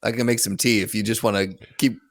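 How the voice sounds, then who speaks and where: A man's voice: lowish voice, steady tone, fast talker, dry recording. A man co-hosting a comedy podcast in casual chat, with dry, wry banter. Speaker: podcast co-host.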